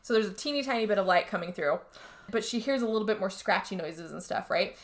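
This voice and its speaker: A woman casually retelling a movie plot on a podcast, chatty and animated, jumping into higher voices for the characters. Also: fast talker. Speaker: podcast co-host. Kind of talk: casual movie recap chat.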